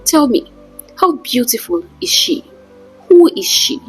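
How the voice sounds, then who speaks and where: A woman's voice: medium pitch, animated, unhurried, breathy edge, soft background music, low-quality recording. Makoka, a woman voicing a jealous rich snob. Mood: angry, snapping. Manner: snappish, demanding, boastful. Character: jealous vain rich woman, sharp and scheming.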